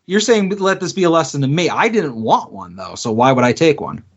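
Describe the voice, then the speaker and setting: A man's voice: fairly high pitch, sing-song, a little fast, husky. A man co-hosting a podcast in casual chat, giving wry replies and laughing easily. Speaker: podcast co-host. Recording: dull lo-fi podcast audio.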